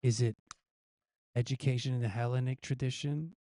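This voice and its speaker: A man's voice: mid-range voice, fairly even intonation, moderate pace, warm tone, no room sound. A male host casually reading out news quiz questions, guessing the answers himself and chuckling at his own gag options.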